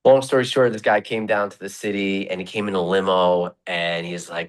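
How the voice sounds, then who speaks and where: Man, 40s, very low voice, casual animated guest storyteller, quotes people in their own voices. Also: fairly quick. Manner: animated, acts out quoted voices, says "long story short" often. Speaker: mortgage professional, podcast guest.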